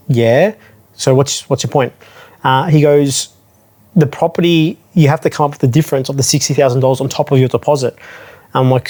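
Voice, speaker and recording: A man's voice: mid-range voice, a little mellow. A man talks straight to camera in a loose, conversational way. He is frank and unpolished, often restarting and correcting himself mid-sentence as he tells his own story. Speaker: property advisor telling his own story. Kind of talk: casual talking-head storytelling.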